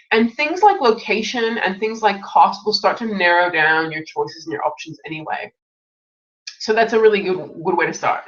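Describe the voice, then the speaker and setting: A woman's voice: medium pitch, fairly bright tone. A woman with a stuffy, nasal voice from being unwell, hosting a casual live Q&A and giving chatty advice full of restarts and asides. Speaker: webinar host answering questions. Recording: distant mic, dull lo-fi sound.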